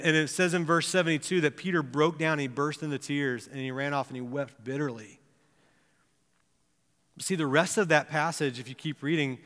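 Bright-voiced preacher in an echoey hall. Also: male voice, mid-range voice. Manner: conversational storytelling, then grave and hushed. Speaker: pastor. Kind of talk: sermon.

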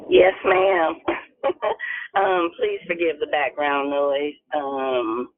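Male caller, playful and affectionate; slightly high, phone-line sound. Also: animated, drawn-out words, dry recording. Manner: warm, playful, laughing. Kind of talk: affectionate sharing on a prayer call.

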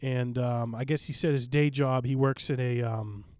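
A man's voice: mid-range voice, fairly even intonation, normal speed, a little mellow, no echo, studio quality. A man in casual podcast chat, recounting a night out with enthusiastic, rambling talk full of fillers.

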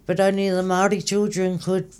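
Kiwi co-host, fairly high pitch, rambling anecdotes. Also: male voice, monotone, moderate pace, a little mellow, clean tone. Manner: rambling, storytelling tangents. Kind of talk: casual chat.

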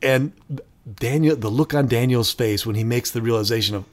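Speaking briskly in a mid-range voice, this middle-aged man co-hosts a podcast. In casual chat he tells animated stories and performs movie quotes.

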